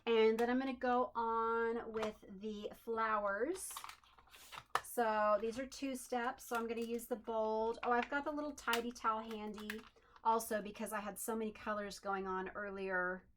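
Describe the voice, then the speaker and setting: A woman's voice: a little high, steady tone, normal speed, noisy background. A woman hosting a home craft tutorial, chatting in an upbeat way and thinking aloud as she works at her desk. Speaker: crafting channel host.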